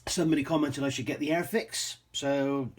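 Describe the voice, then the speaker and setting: A man's voice: a little high, steady tone, normal speed, husky. A man from England casually reviewing a scale model kit, chatty with frequent ums and self-corrections.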